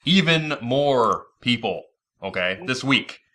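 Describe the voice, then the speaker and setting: A man from Michigan hosting a casual online show and reading out event news fast and excitedly. His voice is bright and forceful, with a lively rise and fall. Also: medium pitch. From Michigan, USA. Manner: excited, rapid-fire announcing. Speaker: podcast host. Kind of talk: casual chat and event announcements.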